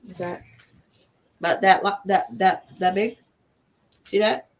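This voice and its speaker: A woman's voice: mid-range voice, steady tone, a little slow, muffled recording. A young woman, chatting casually and emphatically on a livestream as an artist, with motivational asides.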